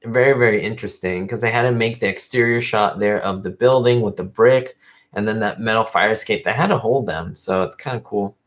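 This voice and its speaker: A YouTube host runs his own livestream, speaking casually in a rambling, fan-like way full of fillers. His voice is fairly low and fairly quick.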